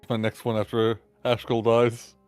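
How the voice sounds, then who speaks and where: A man's voice: mid-range voice, completely flat delivery, normal speed, a little mellow, no room sound, soft background music. A man playing a tabletop game, chatting casually and teasing the others. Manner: teasing, laughing banter.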